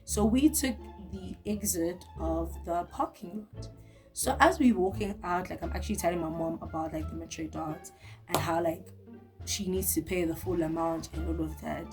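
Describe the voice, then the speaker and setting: A young woman telling a story to her viewers in a vlog, lively and talking straight to the camera. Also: fairly low pitch, normal speed, soft background music. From South Africa. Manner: animated, talks straight to the viewer. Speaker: vlogger.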